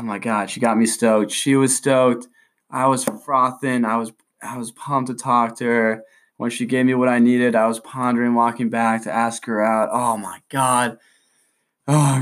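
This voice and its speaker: A man's voice: mid-range voice, flat delivery, moderate pace. A young man hosting a casual solo podcast, rambling in hyped surfer slang. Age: young adult. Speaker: podcast host.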